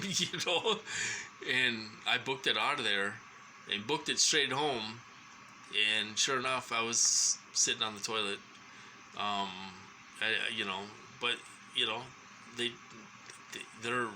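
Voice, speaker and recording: A man talks through a long, rambling personal account, stopping often with ums and starting sentences over. His voice is very bright and sharp, with a faint hiss of noise behind it. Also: on the low side, rough recording. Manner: halting, full of ums and restarts. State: short of breath at times.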